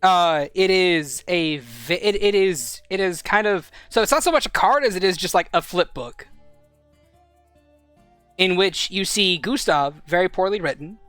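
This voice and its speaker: A man's voice: sits high, animated, a little slow, fairly bright tone, smooth, no room sound, faint music behind. A man narrating as game master, describing scenes in a rambling way with many fillers.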